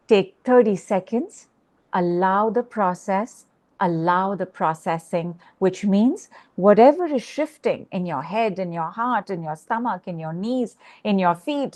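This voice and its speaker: Slow-spoken woman leading affirmations. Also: medium pitch, animated, a little mellow. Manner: slow, repetitive, instructive. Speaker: spiritual coach leading a group call. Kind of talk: guided group exercise with chanted affirmations.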